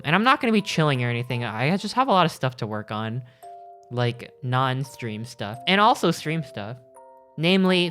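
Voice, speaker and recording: Guy streamer rambling and joking with chat, keeps restarting sentences, soft guitar music behind. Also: medium pitch. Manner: rambling, jokey, self-interrupting. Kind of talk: casual chat with live chat.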